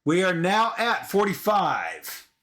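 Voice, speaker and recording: A man co-hosting a casual board game playthrough, animated and chatty, reading cards aloud. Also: high voice, slow. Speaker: co-host of board game videos.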